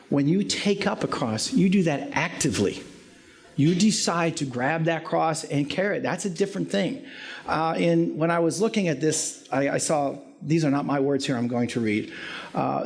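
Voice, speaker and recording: A man's voice: on the high side, moderate pace, gravelly, darkish tone. A man preaching a conversational sermon with joking, self-deprecating asides and frequent rhetorical questions.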